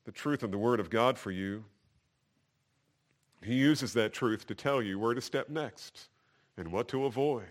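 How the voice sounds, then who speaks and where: A man preaching a sermon as pastor, swelling louder and slower on key phrases. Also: on the low side.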